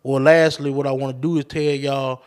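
A man's voice: mid-range voice, level tone, moderate pace. A man hosting his own podcast, ranting casually and profanely straight to his listeners. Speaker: podcast host. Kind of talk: casual solo podcast rant.

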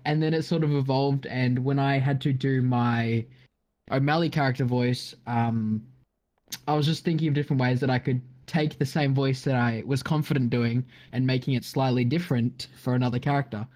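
A man talks in a mid-pitched everyday voice on a podcast, rambling through a story in an offhand way. He drops a casual swear here and there. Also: steady tone, moderate pace, darkish tone. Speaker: roleplay player, podcast guest.

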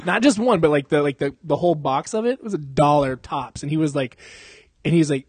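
A man's voice: fairly high pitch, a little fast, a little mellow, husky, no echo. Rambling, swearing young man. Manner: rambling, profane, laughing often. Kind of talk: casual chat.

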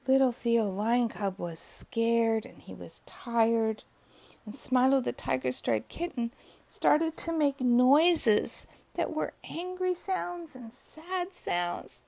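A woman narrating a bedtime story softly and slowly, often sinking into whispers. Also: fairly high pitch, expressive, vocal fry. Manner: soft and slow, dropping to whispers.

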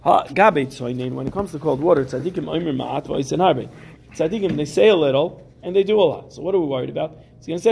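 Gravelly, mellow man teaching Talmud. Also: a little high, quick pace, a little hiss or hum. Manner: reads Aramaic text then explains it in casual English with everyday examples. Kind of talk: Talmud class lecture. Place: classroom with students.

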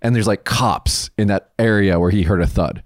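A man from the United States telling a story in a casual chat, animated, profane and rambling. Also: fairly low pitch, moderate pace, no echo, clean studio sound.

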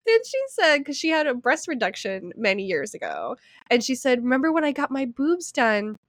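A woman in her thirties co-hosting a podcast, telling a story in casual chat, animated, swearing freely, often laughing. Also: sits high, moderate pace, no room sound. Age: 30s. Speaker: podcast co-host.

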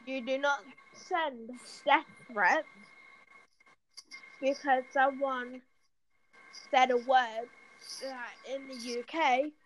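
A woman's voice: sits high, steady tone, extremely slow, long pauses, a bit bright, lo-fi sound, a little hiss or hum. An English woman with a blunt manner who swears freely, chatting casually as co-host. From England. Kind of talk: casual chat.

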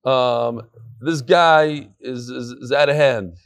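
A man leading a Talmud class, giving lively announcements and calling people up, his talk peppered with Yiddish and Hebrew terms. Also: mid-range voice, slow, creaky, no room sound.

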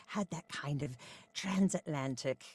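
A woman's voice: deep voice, measured pace, a little mellow, slightly rough. A woman in her forties, a voice-over artist, chatting upbeat in a podcast interview with frequent ums.

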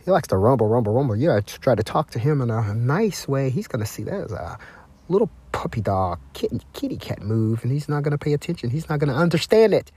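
A man hosting a talk broadcast, lecturing slowly and repeating himself while he speaks of himself in the third person. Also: mid-range voice, sing-song, dark tone, breathy edge. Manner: deliberate, repetitive, refers to himself in the third person; lecturing, with drawn-out emphasis and spelled-out words. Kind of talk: self-promoting monologue.

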